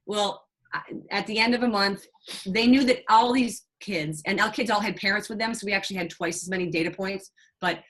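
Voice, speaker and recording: A woman's voice: medium pitch, rough recording. Chatty storytelling middle-aged woman. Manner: animated, chatty, with fillers and restarts. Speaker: nurse and guest. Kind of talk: casual storytelling in a conversation.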